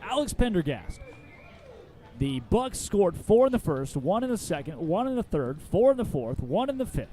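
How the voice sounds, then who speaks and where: A man's voice: big pitch swings, moderate pace, mellow. Arkansas-accented man calling baseball play-by-play. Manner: chatty, bantering between pitches. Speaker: play-by-play announcer.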